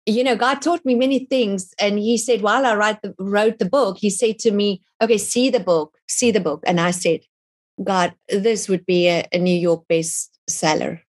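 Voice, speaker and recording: A woman's voice: medium pitch, steady tone, moderate pace. A middle-aged woman, a guest author, telling an emotional, earnest story of faith in an interview. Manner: emotional, earnest storytelling, non-native phrasing. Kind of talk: testimony in an interview.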